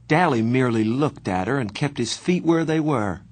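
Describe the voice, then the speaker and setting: A man narrating a novel in the first person, earnest and measured. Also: medium pitch, expressive. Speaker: audiobook narrator.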